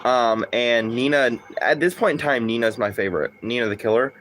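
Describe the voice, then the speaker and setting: A man's voice: medium pitch, brisk, crowd noise. A man chatting casually on a livestream, rambling and swearing, full of fillers and laughing asides.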